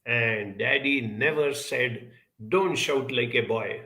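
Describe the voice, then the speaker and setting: A man giving a reflective self-help talk, telling a childhood story in an unhurried way and acting out the people he quotes. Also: medium pitch, poor audio. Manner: storytelling, quoting others in lively voices; unhurried, spoken as if to listeners.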